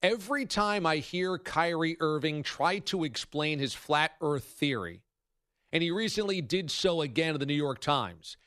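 A man hosting a sports talk radio show, telling stories in a wry, animated way. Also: on the high side, normal speed, no room sound, studio quality.

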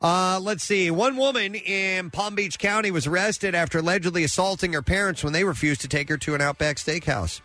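A man's voice: sits high, a little fast, hardly any pauses, sharp tone, faint music behind. Man reading odd news stories, with uh fillers. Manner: reads stories aloud with frequent uh fillers and self-corrections. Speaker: news segment host.

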